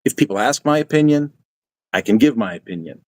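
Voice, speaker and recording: A man's voice: mid-range voice, animated, fairly quick, a little mellow. An older man hosting his channel, giving casual advice in a folksy, repetitive way. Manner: folksy, repetitive, quotes himself in asides. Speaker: channel host.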